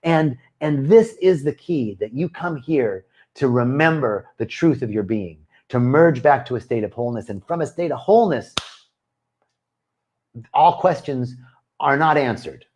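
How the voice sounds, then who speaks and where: A man's voice: medium pitch, expressive, measured pace, darkish tone. Earnest man giving a spiritual talk. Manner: earnest, repetitive, incantatory phrasing. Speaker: retreat leader and spiritual teacher. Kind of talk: spiritual talk to a live online audience.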